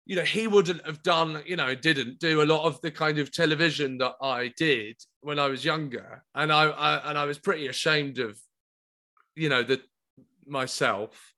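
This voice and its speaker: A man telling a comic story as a podcast guest, excitable, stumbling over repeated words and laughing often. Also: fairly high pitch, moderate pace. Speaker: comedian guest. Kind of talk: animated anecdote telling.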